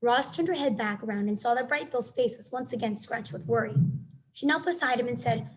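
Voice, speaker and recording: A woman teacher reads a children's storybook aloud. Her narration is clear and expressive, in a slightly high voice. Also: a little fast, a little hiss or hum, poor audio.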